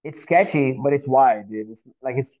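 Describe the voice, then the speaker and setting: A man from Miami telling a story in casual talk, animated and swearing often, acting out the voices of the people in it. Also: medium pitch, normal speed, phone-quality sound. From Miami, Florida. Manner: animated, swears a lot, acts out voices in stories. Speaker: guest.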